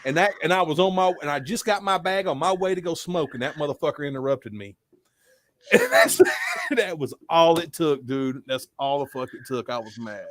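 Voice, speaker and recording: A man's voice: fairly high pitch, animated, moderate pace, a bit bright, no echo, clean studio sound. A young adult man telling a story in casual, profane podcast chat. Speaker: podcast host.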